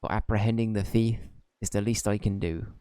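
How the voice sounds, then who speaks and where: A man's voice: on the low side, fairly even intonation, a little fast, dark tone, clear, resonant tone, no room sound, natural voice. A man reading the lines of an older male peddler in a stiff, formal, hesitant way.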